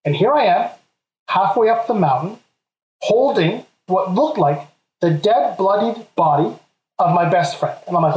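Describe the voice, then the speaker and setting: Lively man telling a funny story. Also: high voice, a little slow. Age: 30s. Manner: lively, laughs through his own story. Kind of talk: comedic personal storytelling. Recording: roomy echo.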